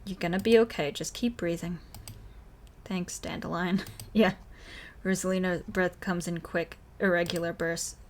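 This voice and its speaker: A woman's voice: fairly low pitch, steady tone, measured pace. A woman streamer reading a horror visual novel aloud, voicing every character in her own voice and reacting between lines.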